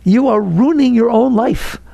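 A man giving an inspirational talk as a spiritual teacher, animated and acting out anxious inner voices. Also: fairly high pitch, moderate pace, gravelly, no echo.

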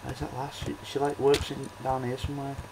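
A young man chats his way through a computer game, hesitant and rambling, stopping for ums and restarts. His voice sits at a middling pitch. Faint keyboard clicks and a light hiss sit behind him. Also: completely flat delivery, brisk, vocal fry, low-quality recording. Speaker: let's play host. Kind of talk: casual gameplay commentary.

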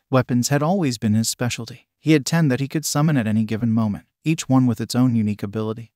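A man reads a story aloud in an even, measured way at a middle pitch. His voice is close and dry, with no room sound around it. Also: dry recording. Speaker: narrator. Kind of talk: scripted story narration.

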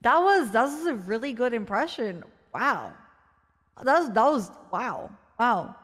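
A woman's voice: a little high, very animated, unhurried, a bit bright, slightly rough. Woman in reverberant voice chat. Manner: impressed, repeats herself. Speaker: player in game role-play.

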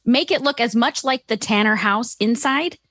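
A woman's voice: on the high side, moderate pace, a bit bright, dry recording, studio quality. A woman in her forties co-hosting a podcast, chatty in casual conversation, chiming in often. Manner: chatty, supportive interjections. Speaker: podcast co-host. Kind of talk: casual chat.

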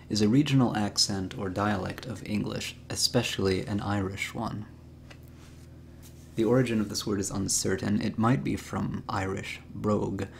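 Low, gravelly male host. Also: a little hiss or hum. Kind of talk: scripted word-of-the-day narration.

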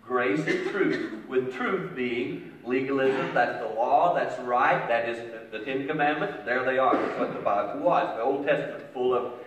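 A middle-aged man giving a humorous storytelling sermon on parenting, animated and swinging from loud punchlines to hushed asides. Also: measured pace. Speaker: speaker on parenting. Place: large hall with an audience. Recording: booming echoey hall from far off, with ambient noise.

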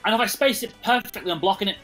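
A man's voice: high-pitched, racing, pushed and bright, faint music behind. A man explaining game tactics in a plain, matter-of-fact way. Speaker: player giving game tips. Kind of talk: casual chat while gaming.

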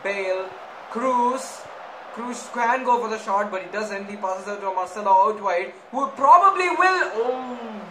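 Excitable high-voiced man commentating a game. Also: measured pace, roomy sound, background noise. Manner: excitable, nervous, swings between muttering and shouting. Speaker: gaming YouTuber. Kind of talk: Let's Play commentary.

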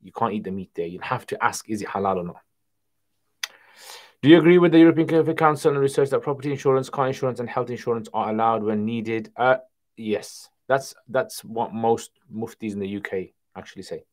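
A man hosting a casual livestream Q&A, reading viewer questions aloud and answering them in a relaxed conversational way. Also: mid-range voice, a little fast. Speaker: Islamic Q&A livestream host.

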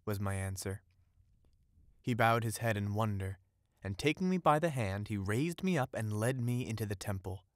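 A man with a low-set voice reads a classic fairy tale aloud as an audiobook. The delivery is steady and ornate, close to the mic, with a dry sound and no echo. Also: normal speed. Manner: steady, ornate storytelling read. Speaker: audiobook narrator. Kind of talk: scripted audiobook narration.

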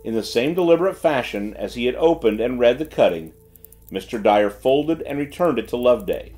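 Measured male audiobook narrator. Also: mid-range voice, lively intonation, darkish tone, soft background music. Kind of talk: scripted narration.

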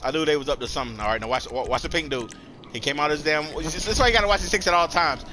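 A man's voice: on the high side, racing, a little hiss or hum. A young man giving live gameplay commentary, slangy and trash-talking other players. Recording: loud game sounds under the voice.

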